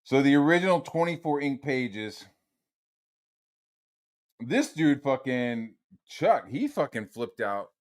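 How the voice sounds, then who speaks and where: A man's voice: mid-range voice, big pitch swings, slow pace, pauses often. A young man streaming a solo rant, swearing constantly and mocking his critics in a heated, sarcastic way. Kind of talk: profane rant.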